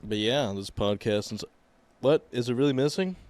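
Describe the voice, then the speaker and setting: A man's voice: mid-range voice, moderate pace, darkish tone, dry recording. A man co-hosting a podcast in casual chat, laid-back and laughing along often. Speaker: podcast co-host.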